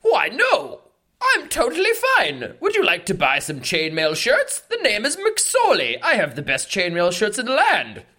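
A chirpy male shopkeeper, as a man plays him who pushes his chainmail with a high, bright sales patter. He insists all is fine a bit too eagerly, a tabletop game merchant. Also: wildly swooping pitch, moderate pace, heavily acted. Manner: overly cheerful sales patter.

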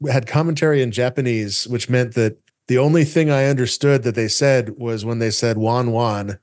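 A man hosting a casual podcast chat, brisk and wry as he moves the talk along. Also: mid-range voice, darkish tone.

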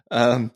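A man co-hosting a podcast, speaking in a relaxed, hesitant way, with many restarts. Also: no room sound, studio quality. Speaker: podcast co-host. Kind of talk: casual podcast chat.

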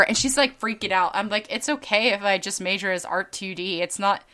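A young woman casually telling a story on a podcast, animated and quick to act out other people's voices. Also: medium pitch, clean tone. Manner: animated, acts out quoted people, laughs often, swears casually. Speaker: podcast co-host.

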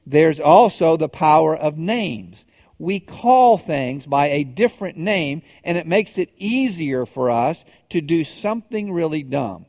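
A male pastor with a fairly high, expressive, slightly mellow voice preaches conversationally at a measured pace, asking the congregation questions and often restarting his sentences. There's no room sound, yet a long reverb tail trails his words.

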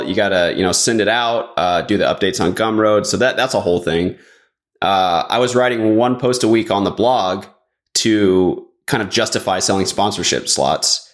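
A man chatting casually as a podcast guest, rambling along with lots of "like" fillers. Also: lowish voice. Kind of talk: casual chat.

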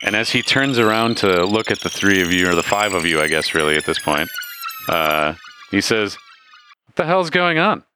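A man narrating as game master of a tabletop game, relaxed and laughing often. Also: sits low, moderate pace, a little hiss or hum.

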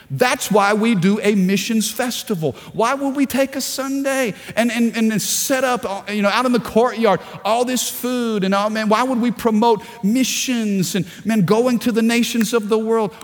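A male pastor preaches with animated energy, pulling the congregation in with questions and building to shouts. His voice sits high for a man. Long reverb from the large hall trails behind his words. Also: a little slow. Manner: animated preaching, calls for audience response, rising to shouts. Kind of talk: sermon.

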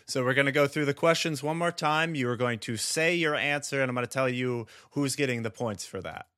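A man's voice: mid-range voice, fairly quick, bright, forceful tone, clean tone, no echo, studio quality. A young man hosting a casual podcast quiz, upbeat, reading questions and announcing scores with chuckles. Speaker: podcast host running a quiz.

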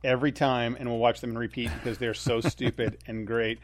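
A man's voice: mid-range voice, brisk. A man with a mid-range voice, talking on a podcast in an easygoing, conversational way. He often restarts his sentences as he thinks aloud. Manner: relaxed, conversational, with frequent restarts. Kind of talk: casual chat.

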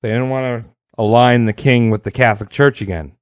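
A man's voice: mid-range voice, fairly even intonation, brisk, no echo, studio quality. A man hosting a podcast, telling history in a casual, irreverent, slangy way. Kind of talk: casual comedic storytelling.

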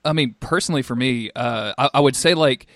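A man's voice: medium pitch, brisk, a bit bright. A man in casual chat as a guest on a stream, joking and sarcastic, swearing freely.

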